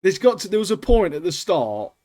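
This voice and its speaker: A young man co-hosting a podcast, talking fast and casually with lots of laughter and slang. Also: sits high. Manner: animated, laughing often, slangy and swearing. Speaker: podcast co-host. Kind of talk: casual chat reviewing TV shows.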